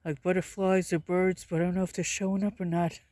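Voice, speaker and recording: A man narrates his walk down a country road into the phone he's holding, short of breath from the exercise. His voice sits high and stays level, with little rise and fall. He mutters quick, offhand comments about what he passes. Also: little pitch movement, a little mellow, dry recording. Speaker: vlogger. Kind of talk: casual walking vlog narration. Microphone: phone held while walking.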